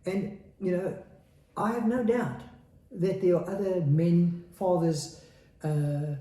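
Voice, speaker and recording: A man's voice: high-pitched, slow pace, dark tone, roomy sound. A man in his forties, a podcast guest, speaking candidly and earnestly and repeating phrases for emphasis. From South Africa. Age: 40s. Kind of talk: candid interview talk.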